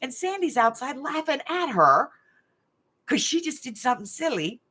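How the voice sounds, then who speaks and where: A woman's voice: sits high, sing-song, moderate pace, pushed and bright. A woman hosting a crafting livestream, telling a story casually and bluntly with some swearing, then running a quiz game. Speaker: craft channel host.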